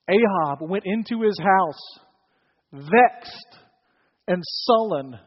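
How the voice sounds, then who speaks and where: Guy preaching a sermon, acts out the story, kinda muffled sound in a big echoey church. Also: sits high. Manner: animated storytelling, acts out characters. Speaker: pastor.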